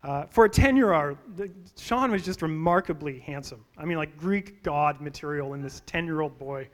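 Man, high voice, sermon, pastor, funny personal stories, asks the congregation questions. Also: moderate pace. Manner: storytelling with humor and direct questions to the congregation.

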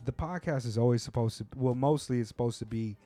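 A man's voice: medium pitch, quick pace, dark tone. Talkative, laid-back podcast host guy. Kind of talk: casual chat.

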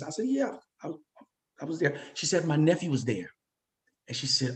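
A man's voice: on the high side, very animated, moderate pace, long pauses. A man from Louisiana, a comedian guest, telling a story animatedly and acting out the dialogue. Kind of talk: storytelling in an interview.

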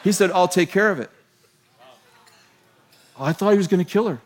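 A middle-aged man preaching a sermon, telling a story in an animated, self-mocking way and laughing often. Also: high-pitched, normal speed, slight background noise.

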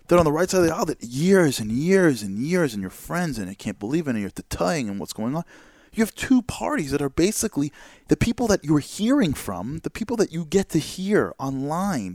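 Fast-talking animated male host. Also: a little high, no room sound, clean studio sound. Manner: animated, rhetorical questions, repeats words. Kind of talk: casual talk-show monologue.

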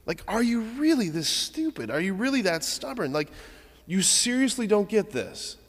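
Man doing a high, incredulous, sarcastic scolder; echoing church. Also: very animated, moderate pace. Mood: exasperated. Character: exasperated man scolding slow-witted followers.

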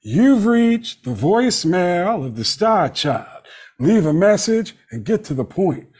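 A man's voice: high voice, very animated, a little mellow, breathy edge, voice pushed up, heavily acted. Man doing a sing-songy menacing movie star. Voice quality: sing-songy, drawn-out delivery. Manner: threatening, slow and emphatic. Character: menacing male movie star on a voicemail greeting.

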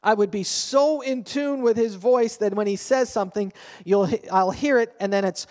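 A man in his fifties, a pastor preaching a sermon with an animated storytelling manner, swinging between quiet and loud. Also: high-pitched, normal speed, few pauses, big-room sound.

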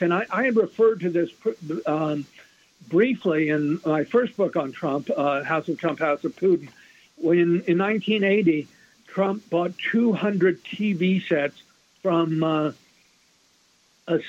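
A man speaking as an author guest in a radio interview, talking quickly and emphatically with frequent restarts. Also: fairly high pitch, a little mellow. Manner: fast, restarts a lot, emphatic. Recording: muffled lo-fi radio broadcast.

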